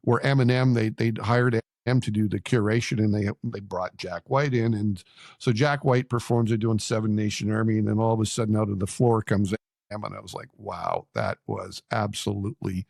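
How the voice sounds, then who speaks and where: A man's voice: on the low side, lively intonation, brisk, creaky, darkish tone, dry recording, clean studio sound. Older Canadian man, rambling enthusiast. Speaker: podcast co-host. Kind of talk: casual chat.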